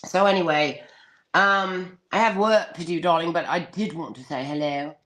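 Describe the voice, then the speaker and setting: A woman chatting on her live stream in a dramatic, foul-mouthed way, calling everyone darling. Her voice has a crisp, bright edge. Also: on the low side, moderate pace. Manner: dramatic, swears freely, calls people darling. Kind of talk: casual live-stream chat.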